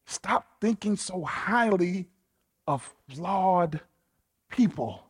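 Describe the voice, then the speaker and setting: A man preaching a sermon in an animated, colloquial, playful way. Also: high voice, drawn-out words, breathy edge. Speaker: pastor.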